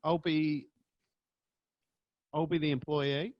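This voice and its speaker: A man's voice: fairly high pitch, level tone, slow, dull audio. A young man co-hosting a podcast in casual chat, jokey and playful. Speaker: podcast co-host.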